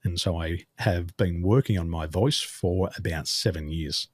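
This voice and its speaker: A man with an Australian accent, a business coach answering interview questions in a measured, deliberate way. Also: low-pitched, slightly rough, no room sound. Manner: measured, deliberate delivery, speaks slowly on purpose.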